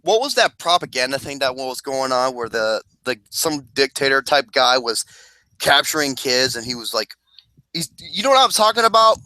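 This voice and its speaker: A man's voice: medium pitch, moderate pace, dry recording. A man co-hosting a podcast, chatting casually with profane jokes. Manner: profane, animated, joking. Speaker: podcast co-host. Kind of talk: casual chat.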